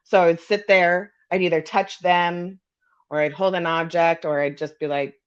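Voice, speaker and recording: A woman's voice: on the low side, fairly even intonation, moderate pace, smooth, muffled recording. A woman in casual storytelling as a psychic guest, candid, laughing easily and swearing. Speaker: psychic and energy healer guest.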